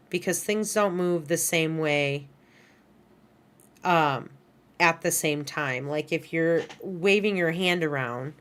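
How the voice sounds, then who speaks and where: This deep-voiced woman is an animation instructor giving a recorded class lecture, sharing her screen from a computer. She fiddles with her headset or desk mic and keeps things casual, often fixing her own wording and peppering speech with "right?" and "kind of."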